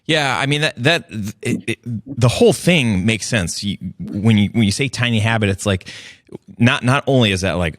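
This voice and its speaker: A man's voice: mid-range voice, expressive, moderate pace, fairly bright tone, no room sound, clean studio sound. A man hosting an interview, talking casually with many restarts and a jokey manner. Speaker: podcast host.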